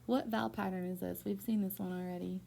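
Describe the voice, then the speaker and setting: A woman's voice: medium pitch, fairly even intonation, fast, gravelly, dark tone, a little hiss or hum. A woman teaching reading one-on-one, prompting a student step by step with patient encouragement. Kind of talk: one-on-one phonics tutoring.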